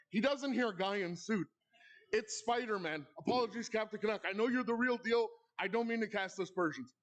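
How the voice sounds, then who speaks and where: A man hosting an awards ceremony, telling a comic story with playful asides to the audience at a live event. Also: sits high. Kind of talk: comedic storytelling monologue. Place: live event in a club hall.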